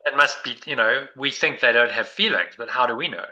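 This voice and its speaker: In a muffled recording, a man running a meditation group talks quickly in a sharp, medium-pitched voice. His reflective musings drift around and keep restarting.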